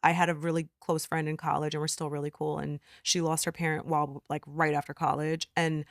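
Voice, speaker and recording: A woman in her thirties, a podcast guest, telling stories in an animated, affirming way. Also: low-pitched, a little fast, dry recording, studio quality. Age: 30s. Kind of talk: casual chat.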